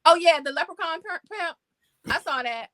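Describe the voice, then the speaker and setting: A middle-aged woman chats with a friend, high-pitched and swinging all over her range. Her voice is bright and sharp, and her exclamations come out loud and playful. The sound is close and dry. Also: lively intonation, normal speed, dry recording. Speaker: co-host. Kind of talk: casual chat.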